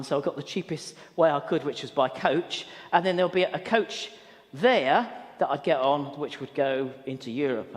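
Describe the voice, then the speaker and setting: A man preaching a sermon in a church hall, telling a story earnestly and often repeating words as he goes. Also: medium pitch. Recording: long hall reverb.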